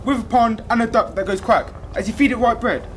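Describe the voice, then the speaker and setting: A woman's voice: a little high, brisk, a little hiss or hum, natural voice. A young woman playing a terse gamer turned storyteller. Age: young adult. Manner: clipped repeated replies, then flowing rhythmic telling. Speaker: student actor in a youth theatre play. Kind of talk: stage play performance.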